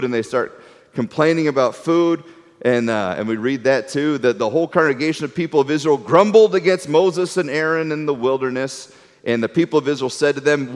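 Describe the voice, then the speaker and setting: A middle-aged man giving a conversational sermon, an animated storyteller who often repeats his words. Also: medium pitch, brisk. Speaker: Bible teacher. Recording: long reverb of a hall.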